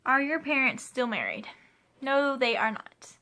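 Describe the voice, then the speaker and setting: A woman's voice: high voice, very animated, a little slow, sharp tone. A woman of twenty chatting casually at home, answering tag questions in a rambling, talkative way with frequent asides. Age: 20s. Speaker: vlogger. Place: home room with a pet playing.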